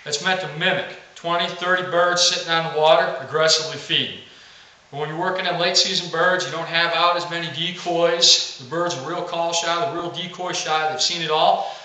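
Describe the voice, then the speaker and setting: A man's voice: fairly high pitch, fairly even intonation, brisk, sharp tone, heavy reverb, distant mic, low-quality recording. A man teaching the basics of duck calling in a plain, practical instructional video. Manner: plain, practical teaching, saying quack aloud to demonstrate.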